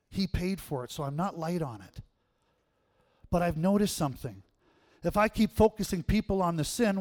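A man preaching a sermon, telling stories in an animated way and laughing often. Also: on the high side.

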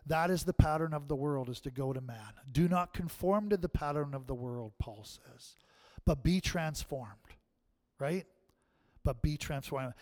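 A man with a slightly high, somewhat slow, darkish voice preaches a sermon in a church. He talks conversationally, keeps checking in with the congregation by asking "right?", and then leads a closing prayer.

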